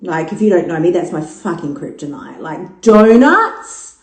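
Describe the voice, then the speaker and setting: Unhurried and lowish in voice, an Australian podcast host in her fifties talks casually on her own show. She's frank, profane and full of jokes, telling stories animatedly. The audio is rough and sounds roomy.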